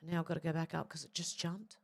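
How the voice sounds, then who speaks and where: A woman's voice: deep voice, quick pace, vocal fry, husky. A woman hosting a livestream, reading out viewer comments and chatting back, with a throaty voice from a tickle in her throat. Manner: reads comments out flatly, then adds chatty asides. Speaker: livestream host reading chat. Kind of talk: casual chat, reading viewer comments aloud.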